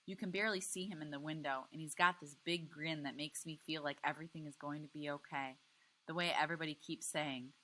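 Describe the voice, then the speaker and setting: A woman teacher reading a novel aloud to a class with expressive, lively storytelling. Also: sits low, brisk, low-quality recording.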